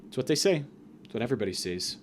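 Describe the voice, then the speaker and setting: A man's voice: mid-range voice, animated, racing, a little hiss or hum. A young man hosting a podcast, ranting in a mock-grandiose comedic monologue with sudden swings in volume. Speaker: podcast host.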